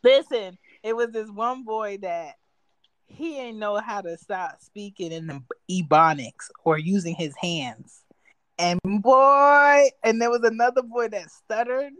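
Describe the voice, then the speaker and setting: A woman's voice: mid-range voice, animated, a little slow, dry recording, rough recording. Wry woman co-hosting a podcast. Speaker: podcast co-host. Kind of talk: casual podcast chat.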